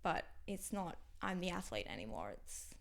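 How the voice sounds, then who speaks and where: A young Australian woman speaking as a podcast guest, talking frankly in halting phrases that sometimes drop to a near whisper. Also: on the low side, very animated, gravelly. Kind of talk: candid interview conversation.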